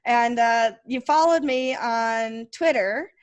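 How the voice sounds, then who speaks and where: A woman's voice: a little high, takes it slowly, dry recording, lo-fi sound. A woman from Rochester, New York with a Rochester accent, hosting a casual interview podcast and laughing often. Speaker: podcast host.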